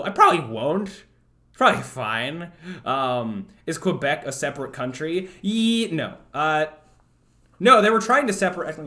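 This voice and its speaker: A man's voice: fairly high pitch, pushed and bright. A young man from Canada streaming live, chatting casually and rambling with many fillers and stammered restarts. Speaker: livestreamer.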